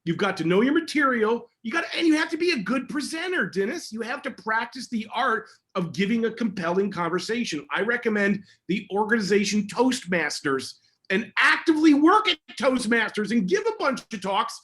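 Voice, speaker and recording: A man, a security educator, answering questions in a casual online session with energetic, emphatic talk. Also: very high-pitched, brisk.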